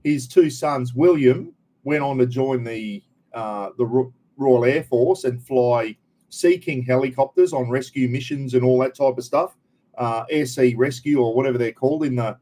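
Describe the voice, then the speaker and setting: An older Australian man hosts a relaxed live stream. He talks in a chatty, blokey way, greets his viewers one by one and drops casual slang. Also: medium pitch, normal speed, rough recording. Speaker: livestream host.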